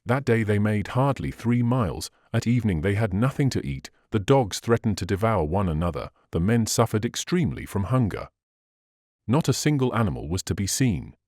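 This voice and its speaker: A man narrating a classic adventure novel as an audiobook reader, in an expressive, measured way. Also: fairly low pitch, no echo, clean studio sound. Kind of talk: scripted narration.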